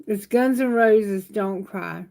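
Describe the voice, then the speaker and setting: Slow-talking woman tarot reader. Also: medium pitch, vocal fry, darkish tone, rough recording. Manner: soothing, repeats reassurances. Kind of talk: live tarot reading.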